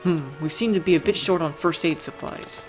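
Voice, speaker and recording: This let's play host is a woman with a lowish voice who talks a little fast as music plays in the background. Her casual gameplay chat includes reading the characters' lines aloud and frequent laughter.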